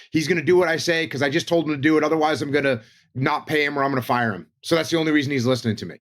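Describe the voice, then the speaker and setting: A man talking on a podcast panel in a casual, teaching way, driving his points home by repeating them as lists. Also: medium pitch.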